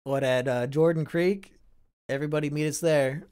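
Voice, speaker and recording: A man's voice: on the high side, steady tone, normal speed, a little mellow, clear, resonant tone. A young man from Iowa hosting a casual live stream, reading and answering chat with sardonic, profane banter.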